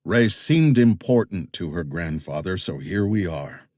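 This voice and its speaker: A man's voice: low voice, expressive, a little slow, a little mellow, no room sound. A man voicing a wary young male investigator from Tennessee in an audiobook, giving guarded, dry answers.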